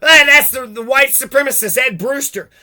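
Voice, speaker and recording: A man's voice: very high-pitched, normal speed, sharp tone. A man delivering a heated, profane rant, cursing and jumping from one grievance to the next.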